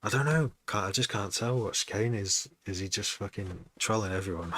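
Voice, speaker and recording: A man's voice: on the low side, moderate pace, sharp tone, a little hiss or hum. A man streaming a music production session, chatting casually in a rambling way, swearing often and breaking off mid-sentence. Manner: starts and stops mid-sentence, repeats words. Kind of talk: casual chat.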